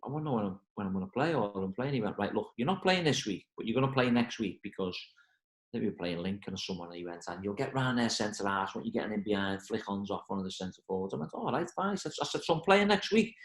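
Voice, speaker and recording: A football manager talks fast in a casual interview, bringing his stories to life by acting out the people in them. His voice rings around an echoey room. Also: on the low side. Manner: animated storyteller, acts out quoted voices.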